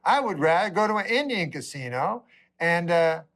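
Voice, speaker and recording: A man telling a rambling comic monologue as a talk-show guest, deadpan and drawling, full of "you know" asides. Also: sits high, moderate pace.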